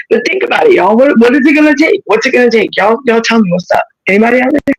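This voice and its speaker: A man's voice: very high voice, expressive, quick pace, hardly any pauses, no room sound, rough recording. A man hosting a livestream, talking in a passionate, blunt rant and cussing freely. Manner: impassioned, blunt, cusses freely. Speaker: livestream host.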